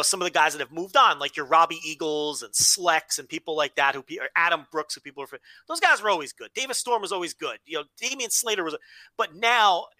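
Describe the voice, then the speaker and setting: Male podcast co-host from the US, chatty and loose, bright voice. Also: on the high side, no echo. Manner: animated, many restarts, swears freely. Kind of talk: casual chat.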